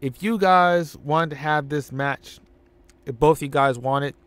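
Guy doing a bossy wrestling promoter barking orders, voice pushed up high. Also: measured pace, a bit bright, clear, resonant tone, no room sound. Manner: emphatic, high-pitched bossing.

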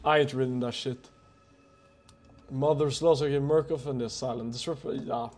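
A man's voice: medium pitch, fairly even intonation, brisk, faint music behind. A man playing a horror game for a let's play, talking to himself in a jumpy, nervous way, swearing and laughing nervously.

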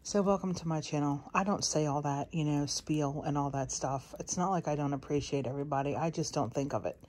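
A woman's voice: deep voice, brisk, darkish tone. A woman vlogging a shopping haul to her phone at home late at night, tired and out of breath, rambling and chatty with laughs in between. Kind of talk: casual chat to camera. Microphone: phone camera.

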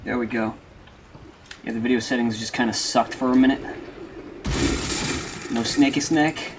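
Male streamer, mid pitch, jokey and profane, noisy game audio behind. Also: steady tone, moderate pace. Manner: joking and profane, with loud outbursts. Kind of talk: casual gameplay commentary.

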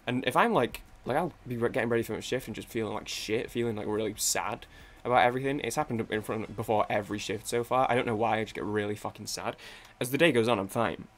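A man's voice: mid-range voice, quick pace. A young man rambling casually while playing a video game, swearing and often cutting himself off mid-sentence. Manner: rambling, self-interrupting, swears freely. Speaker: gaming YouTuber.

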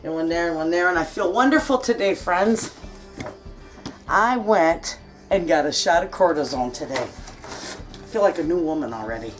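A middle-aged woman talks to her viewers as friends in a chatty, folksy way while cooking at home. Her voice sits a little low. She stands back from the mic, with soft music playing under her. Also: animated, moderate pace, long pauses, distant mic. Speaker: cooking vlogger. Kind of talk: casual kitchen chat while cooking. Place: home kitchen.

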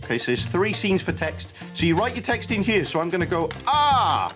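Playful gaming YouTuber, lively pitch. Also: male voice, fast, music in the background. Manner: playful, laughs often, reads on-screen dialogue aloud. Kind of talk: casual reaction commentary.

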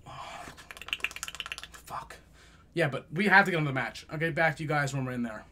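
A young man giving live gameplay commentary, profane and trash-talking, swinging between loud outbursts and low mutters. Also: big pitch swings, moderate pace, pauses often, a little hiss or hum. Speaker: gaming YouTuber.

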